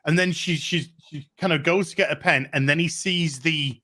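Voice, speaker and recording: A man co-hosting a casual film discussion, animated and jokey, swearing freely. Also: a little high, normal speed. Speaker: podcast co-host.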